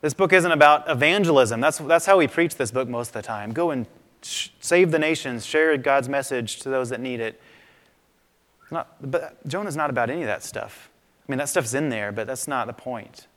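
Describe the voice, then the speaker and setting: A man pastor preaching a sermon in a conversational, animated way, in a church sanctuary. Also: mid-range voice, moderate pace. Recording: long reverb of a large hall.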